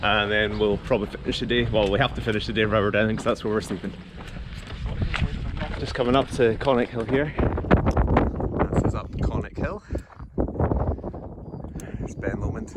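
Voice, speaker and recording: Out on a hill trail by a loch, a Scottish man in his thirties, a vlogger, gives casual walking commentary, at ease though a bit winded from the ascent. He speaks on the low side at normal speed, with long pauses. Wind and countryside sounds come through clearly on the outdoor phone recording.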